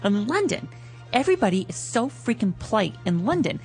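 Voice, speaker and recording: A man hosting a live radio show in a studio, chatting in a casual, animated way and laughing often. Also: high-pitched, fairly quick, soft background music.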